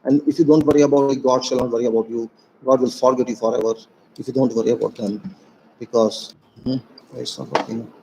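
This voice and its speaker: A man with an Indian accent speaking to viewers in an earnest, emphatic informal monologue, slowing down to stress key phrases. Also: mid-range voice, fairly even intonation, long reverb tail, background noise. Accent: Indian English.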